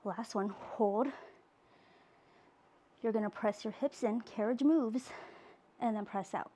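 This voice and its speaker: Her voice fairly high and mellow, the pilates instructor talks slowly, cueing each exercise while working out and breathing out heavily. A little background noise is present.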